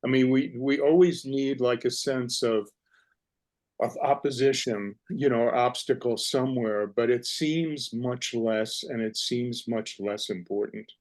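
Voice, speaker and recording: A man's voice: mid-range voice, measured pace, a little mellow. A man speaks on a panel over a video call, thinking aloud as he goes. He halts and restarts, circling back over his words while he searches for what he means. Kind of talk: reflective discussion on a video call.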